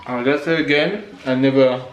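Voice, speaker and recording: A man's voice: mid-range voice, fairly even intonation, moderate pace. Teasing man joking in an echoey kitchen. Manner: teasing, joking, laughs often. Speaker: vlog co-host, husband. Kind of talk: casual kitchen banter. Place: home kitchen. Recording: echoey kitchen, faint noise.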